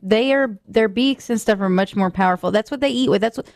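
A woman's voice: mid-range voice, fairly quick, vocal fry, darkish tone, no echo, clean studio sound. A woman co-host chatting casually and explaining emphatically. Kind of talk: casual chat.

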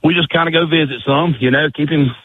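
Male radio caller on a tinny, dry phone line, halting and easygoing, from North Carolina. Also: fairly high pitch, steady tone, slightly rough, no echo. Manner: halting, lots of uh and restarts. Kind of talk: casual phone chat.

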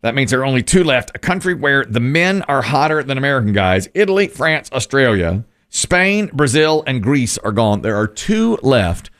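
A man's voice: mid-range voice, sing-song, moderate pace, few pauses, fairly bright tone. A man hosting a survey game show, upbeat and joking as he reads answers and questions.

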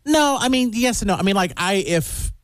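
A man co-hosting a radio show, chatting casually and joking with quick, animated storytelling. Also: high-pitched, clear, resonant tone, dry recording, studio quality. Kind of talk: casual morning-show chat.

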